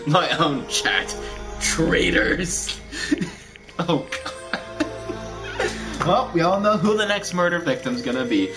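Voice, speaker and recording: Young man streaming a game, giggly, slightly high voice, game music behind. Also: animated, slow, pauses often. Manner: giggly, laughs constantly between phrases; rambling, self-mocking asides. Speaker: let's play streamer. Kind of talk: casual gameplay commentary with live chat. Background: game background music.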